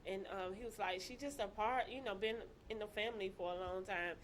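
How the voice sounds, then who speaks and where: A woman telling her own story in casual chat, animated and laughing, acting out the voices of people she quotes. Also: medium pitch, fairly quick, slight background noise.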